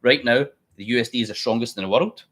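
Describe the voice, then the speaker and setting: A man's voice: mid-range voice, quick pace, a bit bright, slightly rough. A man hosting a live trading stream, chatty and blunt, thinking aloud as he works. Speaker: trading livestream host. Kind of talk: casual live trading commentary.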